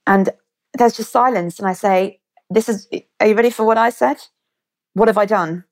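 A woman's voice: mid-range voice, normal speed. A woman, a guest vividly retelling a personal story and acting out the dialogue. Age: 30s. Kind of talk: storytelling in an interview.

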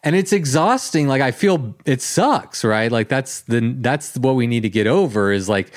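A man's voice: medium pitch, animated, moderate pace, no room sound, clean studio sound. A man hosting a podcast, chatting in a rambling, enthusiastic way full of fillers. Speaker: podcast host. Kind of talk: casual interview chat.

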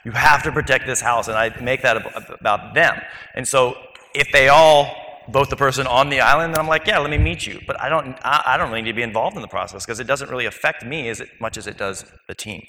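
A man's voice: medium pitch, fast, bright, forceful tone. A man speaking casually on a panel as a business owner, conversational. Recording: long hall reverb.

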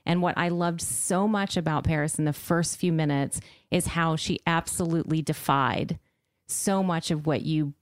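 A woman hosts a casual podcast interview in a low, full voice. She sounds eager and admiring as she draws out her guest. The sound is dry and close, with no room around it. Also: no room sound. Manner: enthusiastic, warmly admiring. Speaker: podcast host.

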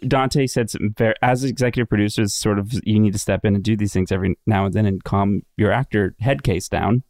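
A man with a fairly low voice co-hosts a relaxed chat, telling earnest stories and acting out quoted lines. His voice is recorded dry and close. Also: a little fast, dry recording. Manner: earnest storytelling, acts out quotes. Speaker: podcast co-host. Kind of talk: casual chat.

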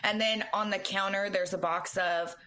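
A woman's voice: mid-range voice, steady tone, normal speed, bright, forceful tone. A woman co-hosting a podcast in casual chat, blunt and swearing casually. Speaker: podcast co-host.

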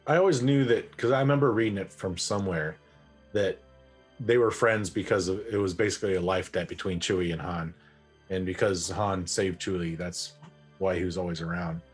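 Deep, husky-voiced male co-host. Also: brisk, soft background music. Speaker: podcast co-host. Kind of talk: casual chat.

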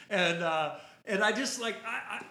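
A man's voice: sits high, lively intonation, takes it slowly, gravelly, bright, forceful tone. A man hosting a podcast, telling a casual story in a rambling, self-interrupting way. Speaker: podcast host. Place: podcast studio. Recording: echoey room.

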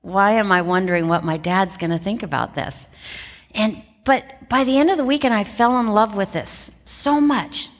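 A woman's voice: mid-range voice, normal speed. A middle-aged woman giving a motivational talk, telling her story with lots of laughter and shifting pace. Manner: animated, laughs often, shifts pace for emphasis. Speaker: motivational speaker. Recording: long reverb from a large hall.

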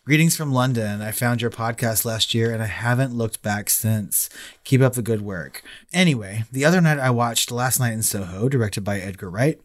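A man's voice: mid-range voice, normal speed. A man co-hosting a podcast in casual chat, joking, swearing freely and laughing often. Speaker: podcast co-host.

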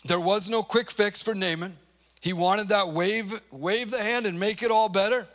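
Brief: a high-voiced male preacher, lively storyteller acting out quotes. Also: moderate pace. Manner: animated storytelling, acts out quotes. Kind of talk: conversational sermon.

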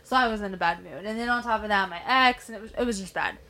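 A young woman co-hosting a podcast, chatting casually, blunt and quick to swear and laugh. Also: medium pitch, sharp tone. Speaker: podcast co-host. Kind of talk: casual chat.

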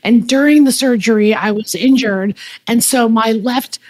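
A woman comedian chatting as a podcast guest, telling stories in a quick, wry, animated way, with a slightly scratchy voice. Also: on the high side. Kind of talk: casual chat.

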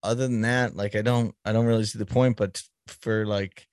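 A man's voice: lowish voice, flat delivery, moderate pace, a little mellow, no echo, studio quality. A man from the Boston area, a guest in a casual podcast chat over a video call, who rambles and cuts himself off mid-thought. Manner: rambling, self-interrupting, laughs often.

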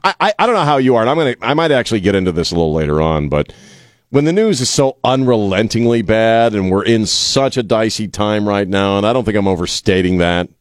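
Radio host guy, lowish voice, dry studio sound, rambles and restarts a lot, irreverent. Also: very animated, fast, no room sound. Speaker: radio talk show host. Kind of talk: casual talk radio. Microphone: studio mic.

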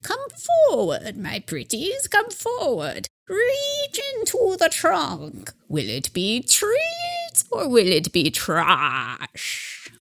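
A woman voicing a large, angry, witchlike old woman who guards a trunk of treats and trash, crooning slowly and then shrieking. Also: sits high, wildly swooping pitch, gravelly, fairly bright tone, voice pushed up, full character voice.

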